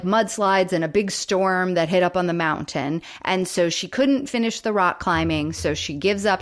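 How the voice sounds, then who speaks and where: Chatty woman recapping a sitcom. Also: lowish voice. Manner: chatty, storytelling with many fillers. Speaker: podcast co-host. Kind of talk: casual chat recapping a sitcom episode.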